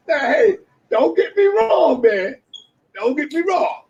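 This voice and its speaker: A man in a brash, swearing reaction rant with loud outbursts, heard through dull lo-fi clip audio. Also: very high-pitched, big pitch swings, normal speed. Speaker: commentator reacting to a video.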